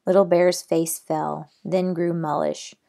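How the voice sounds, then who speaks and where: A woman's voice: lowish voice, level tone, takes it slowly, vocal fry. A middle-aged woman reading a children's novel aloud, then chatting about the chapter. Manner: gentle, plain reading, chatty afterward. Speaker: storybook reader.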